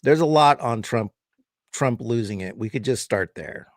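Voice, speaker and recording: A man co-hosting a podcast in casual political chat, quick and wry. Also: medium pitch, animated, no room sound, studio quality. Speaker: podcast co-host.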